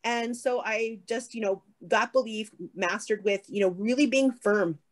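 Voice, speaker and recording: A woman answering a question as a keynote speaker, earnest and firm, with a lively, animated way of talking. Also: a little high, measured pace. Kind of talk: conversational answer on stage.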